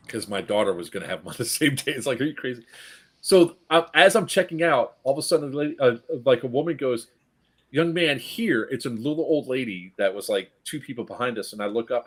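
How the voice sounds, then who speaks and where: A middle-aged grandfather telling animated, profane stories in casual chat, acting out the quotes. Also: medium pitch, slightly rough. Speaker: stream co-host.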